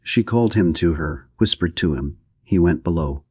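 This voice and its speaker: A man narrating an audiobook of a novel in a steady, even reading. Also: low-pitched, normal speed, husky, no room sound, studio quality. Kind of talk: scripted narration.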